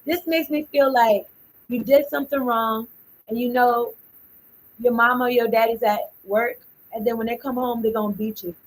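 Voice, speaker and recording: Husky, high-voiced woman reading tarot. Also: steady tone, moderate pace, low-quality recording. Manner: rambling, thinking aloud, trailing off; blunt and informal, with slang and swearing. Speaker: tarot card reader. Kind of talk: casual spoken tarot reading.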